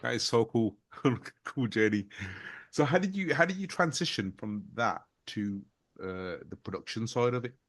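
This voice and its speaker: A man's voice: medium pitch, normal speed. A man hosting a podcast interview, reacting to his guest with encouraging comments and asking follow-up questions. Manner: warmly encouraging. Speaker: podcast host.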